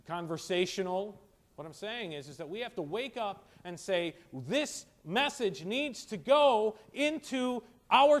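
A pastor preaching a sermon, teaching from scripture with rhetorical questions and swings between emphatic stresses and quiet asides. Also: male voice, sits high.

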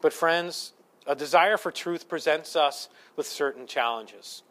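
A pastor in his thirties delivers a sermon in a fairly high-pitched voice. He tells stories with wry, self-deprecating humor, pressing hard on key lines and then dropping to near-hushed asides. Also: unhurried. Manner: animated storytelling with self-deprecating humor, swings between loud and hushed.

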